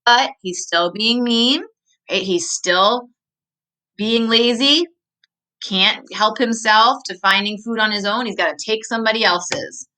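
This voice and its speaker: A woman teacher reading a story aloud to children, stopping to ask questions and slowing to stress key words. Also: on the high side, pushed and bright, low-quality recording.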